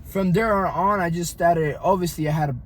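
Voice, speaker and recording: A young adult fitness coach vlogger gives his personal faith testimony, earnest and rambling, often repeating himself. His voice sits on the high side at a moderate pace, with a little hiss or hum in the background.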